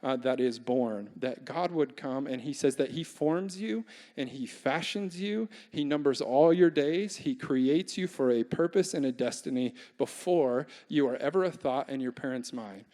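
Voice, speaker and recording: Pastor preaching in a reverberant church hall. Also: male voice, mid-range voice, moderate pace, dark tone. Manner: conversational, humorous, asks the congregation questions. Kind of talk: sermon.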